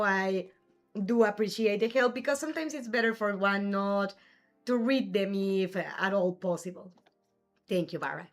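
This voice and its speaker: A woman hosting a live gaming stream, casually chatting and answering her viewers' chat messages. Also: fairly high pitch. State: has the hiccups. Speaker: livestream gamer host.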